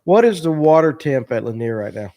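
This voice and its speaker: A man hosting a casual live-streamed fishing talk. He asks his guests lots of questions in a loose, animated way, and his pitch sits in an ordinary middle range. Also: brisk. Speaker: show host.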